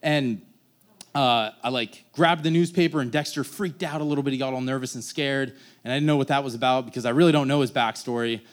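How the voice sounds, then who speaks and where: A young man tells a personal story on stage in a casual, rambling way. His voice is clear and smooth, at an ordinary pitch for a man. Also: a little fast. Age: young adult.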